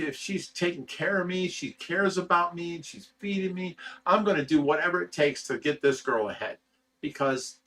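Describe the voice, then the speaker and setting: A man's voice: a little high, pushed and bright, far from the mic. A man hosting a livestream, chatting casually and reading viewer comments in a blunt, rambling way, swearing freely. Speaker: livestream host reading chat.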